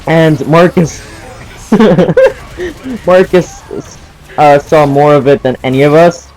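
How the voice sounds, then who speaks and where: A man's voice: on the high side, animated, slow pace, a little mellow, faint music behind, rough recording. A young man in casual gameplay commentary, telling a story while playing, laughing often and swearing at the game. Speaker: gaming channel host.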